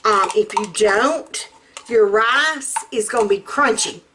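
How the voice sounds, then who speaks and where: Speaking slowly in a fairly high voice, a middle-aged woman demonstrates a recipe at home, chatting in a rambling, folksy style. Background noise is noticeable.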